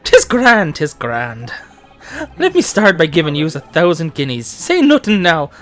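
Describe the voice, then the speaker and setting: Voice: mid-range voice, wildly swooping pitch, measured pace, faint music behind. Streamer putting on a boisterous Irishman. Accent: Irish, put on. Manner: loud, hearty, laughing between lines. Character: boisterous middle-aged Irish man, pushy and generous.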